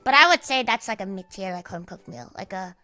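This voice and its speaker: A woman's voice: medium pitch, expressive, fast, sharp tone, no echo, faint music behind. A young Australian woman livestreaming, chatting casually and swearing constantly, with a cute anime-like voice. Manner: sweary, rambling, laughs often.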